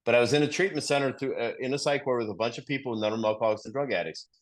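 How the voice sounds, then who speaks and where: A man's voice: mid-range voice, racing. A middle-aged man sharing earnestly in a recovery study group, often repeating himself and restarting sentences as he tells a story.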